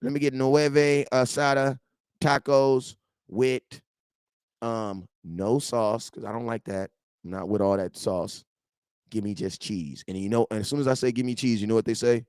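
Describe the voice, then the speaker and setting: A man about forty hosting a casual football fan show from his garage, animated and slangy, swinging between loud outbursts and low asides. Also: unhurried, clear, resonant tone, no room sound, studio quality.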